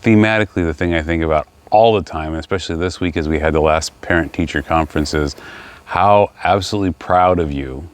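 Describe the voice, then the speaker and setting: Deep-voiced dad, dry and teasing. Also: male voice, brisk, smooth. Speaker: father and podcast co-host. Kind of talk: casual family podcast chat.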